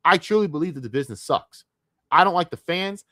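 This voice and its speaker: A man's voice: fairly high pitch, expressive, fairly quick, bright, forceful tone, no room sound, clean studio sound. A young adult American man ranting casually on a livestream, frustrated and profane, often stammering and restarting his sentences. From United States. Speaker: streamer.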